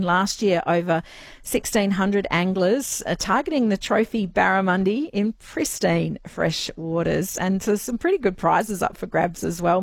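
A friendly woman hosting a radio interview, brisk and quick to laugh. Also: mid-range voice, creaky, no room sound. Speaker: radio host.

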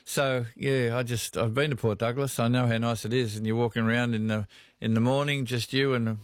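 An Australian man hosting a talkback radio show, chatting in a relaxed, folksy way with his callers. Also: medium pitch, brisk, no echo, studio quality. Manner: relaxed, laughs along, folksy. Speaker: radio host.

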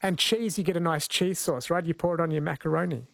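A man's voice: fairly high pitch, fast talker, creaky, dry recording. A man hosting a talkback radio quiz, chatty and self-correcting as he bantered with callers. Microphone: studio microphone.

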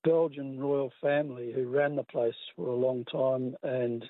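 A man's voice: mid-range voice, fairly even intonation, measured pace, dry recording. A man with an Australian accent calling in to a radio quiz, chatty and hesitant with many fillers. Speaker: caller. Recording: tinny phone line.

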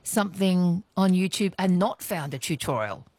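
Lively woman hosting a radio quiz. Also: on the low side, normal speed, no room sound. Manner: chatty, laughs easily, playful teasing. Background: music bed.

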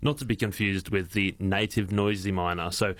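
Australian co-host reading news, low voice. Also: male voice, steady tone, moderate pace, fairly bright tone, dry recording. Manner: stumbles and laughs while reading, easily distracted. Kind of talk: reading news with casual banter.

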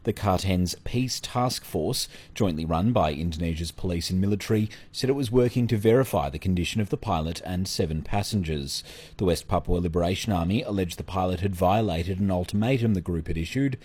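Man, very deep voice, husky, news report. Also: fairly quick, darkish tone. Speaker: foreign correspondent.

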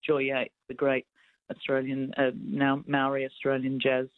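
A woman's voice: a bass voice, completely flat delivery, normal speed, no room sound. A woman calling in to a radio show, chatting enthusiastically about singing teachers. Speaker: caller. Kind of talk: casual radio call. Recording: tinny phone line.

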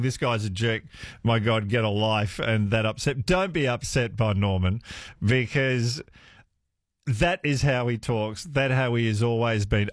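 Lively radio host, man. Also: medium pitch, no echo, studio quality. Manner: warm, laughing often, reassuring. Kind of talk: talkback radio chat with callers. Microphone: studio microphone.

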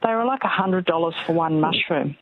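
Low-voiced woman caller on a phone line. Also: fairly quick.

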